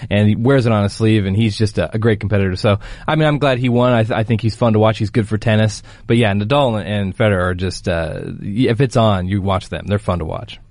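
A man's voice: fairly low pitch, fast talker, few pauses, a little mellow, dry recording. A man co-hosting a sports talk show, chatting casually and agreeably.

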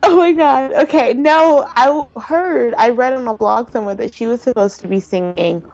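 A woman co-hosting a casual podcast chat, animated and profane, with a constant "like" in her talk. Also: fairly high pitch, moderate pace, muffled recording. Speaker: podcast co-host.

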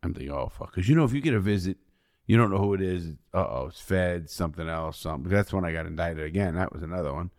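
A deep-voiced American man with a darkish tone rattles off prison stories quickly. He's an ex-con being interviewed, and his casual telling is profane, blunt, and full of rambling restarts.

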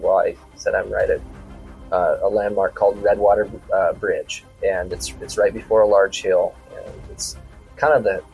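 A deep-voiced man from South Dakota guests on a podcast and tells a long story in a loose, rambling way. He keeps acting out both sides of conversations as he goes. Soft music plays quietly behind him. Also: creaky, low-quality recording. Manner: rambling retelling full of quoted dialogue and repeated "I said". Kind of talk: casual storytelling.

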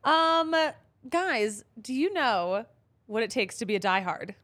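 A young woman co-hosting a sports talk podcast, her voice sitting a little high. She is bubbly and laughs easily as she chats. Even the sponsor read comes out upbeat. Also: takes it slowly. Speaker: podcast co-host. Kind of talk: casual chat with ad read.

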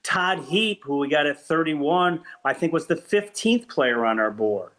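An older man, a former team executive, telling anecdotes as an interview guest, animated and full of restarts. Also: fairly high pitch, measured pace, poor audio. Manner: animated storyteller with many restarts.

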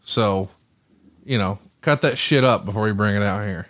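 A man hosting a podcast, chatty and quick to laugh, telling stories in casual conversation. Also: lowish voice, fairly bright tone. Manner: chatty storyteller, laughs a lot. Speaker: podcast host.

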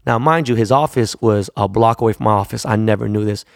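A man's voice: on the low side, fast talker, gravelly, dry recording, clean studio sound. A man, a jeweler, telling a long casual anecdote in a profane, rambling way, acting out the people he quotes. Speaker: jeweler and store owner.

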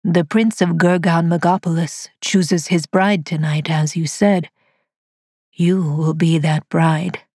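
A woman voicing a calm, controlling male cyborg master in a storybook reading, speaking softly and gently. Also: on the low side, breathy edge, no echo, clean studio sound. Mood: gentle. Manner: soft, gentle, measured delivery. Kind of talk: audiobook dialogue read by a narrator.

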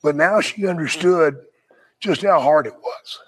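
An older man with a slightly raised pitch tells rough, profane stories from his wrestling days. He talks in a loose, animated way and breaks into laughter now and then. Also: a little slow, rough recording. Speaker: guest, retired pro wrestler. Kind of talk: casual storytelling.

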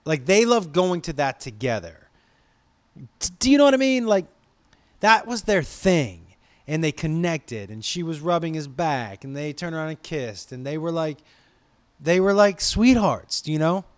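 A man from Los Angeles spins a loose, excitable story in casual talk, cursing freely and tripping over his own restarts. His voice sits a little on the high side. The sound is dry and close, with no room around it. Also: unhurried, dry recording. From Los Angeles, USA. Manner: rambling, profane, excitable.

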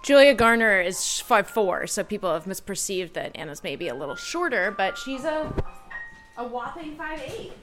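A woman's voice: mid-range voice, very animated, moderate pace, pauses often, fairly bright tone, faint music behind. A woman podcast co-host reporting on location, upbeat and friendly in casual chat. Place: outdoors on a city street, then indoors.

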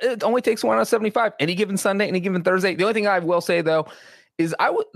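A man's voice: high voice, fairly bright tone, no echo, studio quality. A man talking sports as a podcast regular, chatty and analytical with many fillers. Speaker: football writer and podcast regular. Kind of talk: casual podcast sports talk.

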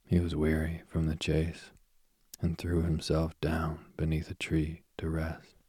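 A man reading a myth aloud as a soothing bedtime story, slowly and softly, drifting into whispers. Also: a bass voice, monotone, slightly rough, dry recording, clean studio sound. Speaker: sleep story reader.

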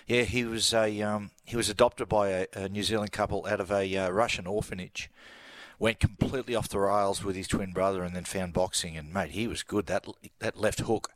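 A man's voice: lowish voice, fairly even intonation, brisk, fairly bright tone, no echo. An Australian man, a sports commentator guest, telling a laughing story in casual radio chat. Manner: yarn-spinning, laughing storyteller.

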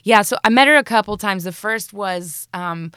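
A woman's voice: mid-range voice, moderate pace, fairly bright tone, smooth, no echo, studio quality. An American actress in her thirties, chatting as a guest in an interview, bubbly and laughing often. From United States. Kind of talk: casual interview chat.

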